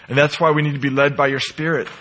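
A middle-aged man preaching a sermon as pastor, emphatic and swinging from loud declarations to soft, quiet asides. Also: fairly high pitch, flat delivery, quick pace, a little hiss or hum, poor audio. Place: church sanctuary.

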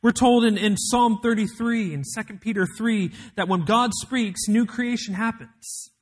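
A man preaching a sermon as pastor, telling a story with emphatic build-ups and dramatic pauses. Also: high voice.

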